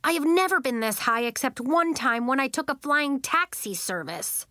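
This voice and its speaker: Small cheerful boy, played by a woman in a storybook: eager, bubbly, pitched well above her own voice. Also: expressive, moderate pace, bright, forceful tone, no room sound, clean studio sound.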